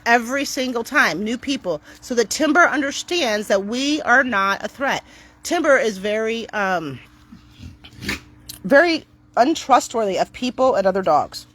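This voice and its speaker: A middle-aged woman talking casually to camera outdoors on her property, chatty and upbeat, switching to a bright cheery voice when she greets her dogs. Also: mid-range voice, slightly rough. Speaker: dog owner vlogger.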